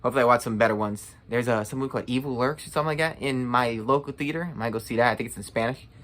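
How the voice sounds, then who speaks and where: A man's voice: mid-range voice, racing, a bit bright. A young man giving a casual, blunt and profane movie review rant, full of sarcasm.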